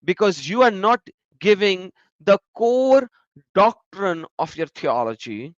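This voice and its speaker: A man's voice: high voice, sing-song, takes it slowly, dry recording, muffled recording. A man giving reaction commentary on video clips, emphatic and repeating words for stress.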